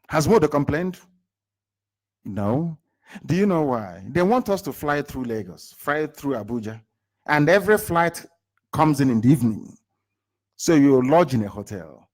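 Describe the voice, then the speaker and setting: A man with a Nigerian accent giving an impassioned live political address to followers. He is emphatic, fires rhetorical questions at his listeners, and swings between loud bursts and low asides. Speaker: movement leader.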